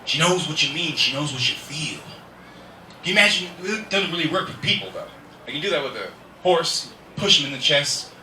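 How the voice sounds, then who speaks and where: A man's voice: a little high, lively intonation, fairly quick, sharp tone. A man doing a stand-up comedy set, rambling and laughing at his own jokes, recorded live at an indoor show. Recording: echoey room, distant mic, faint hiss.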